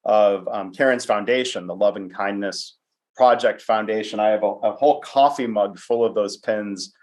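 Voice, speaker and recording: A man's voice: lowish voice, moderate pace. A man hosting an interview podcast, chatty and self-deprecating, with frequent fillers. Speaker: podcast host. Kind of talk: conversational interview.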